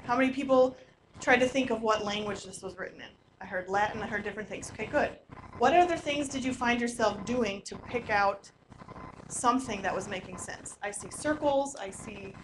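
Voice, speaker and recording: A woman leading a teacher workshop, lively and quizzing the audience with questions in a large room. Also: medium pitch. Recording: echoey room, noisy live recording.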